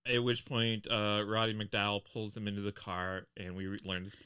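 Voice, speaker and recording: Deadpan middle-aged man, bright tone. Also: fairly low pitch, normal speed, clean tone, dry recording. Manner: dry, deadpan teasing. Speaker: podcast co-host. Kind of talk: casual chat.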